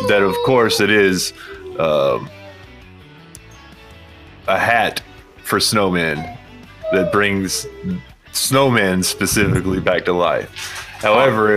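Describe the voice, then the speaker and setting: Young man running a tabletop game. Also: sits low. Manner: casual, laughing, narrating with profanity. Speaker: game master.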